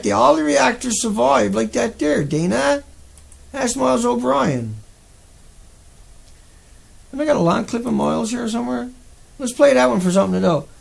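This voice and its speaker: A man's voice: extremely high pitch, creaky. A man hosting a live stream, talking casually and agitatedly, repeating himself and answering his chat. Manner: agitated, repetitive, talks back to chat.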